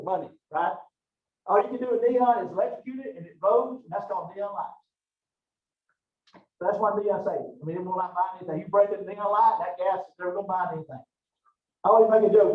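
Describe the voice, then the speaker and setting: A man giving a college classroom lecture in a rambling, conversational way, drifting into stories. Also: high voice. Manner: rambling, conversational, digressive storytelling. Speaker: college anatomy instructor. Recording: roomy, distant, dull lo-fi classroom recording.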